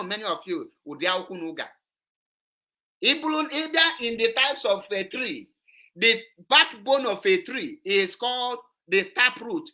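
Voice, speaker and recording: A woman's voice: mid-range voice, sharp tone. A woman, hosting an online show and commenting on a played clip, emphatic and repetitive. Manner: emphatic, repetitive, switches into Igbo.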